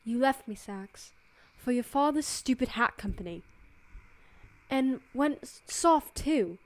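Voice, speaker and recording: Lady doing a cutting bitter ex, kinda high, slow and deliberate. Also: animated. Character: tough adventurous woman, bitter ex-partner. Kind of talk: amateur fan dub.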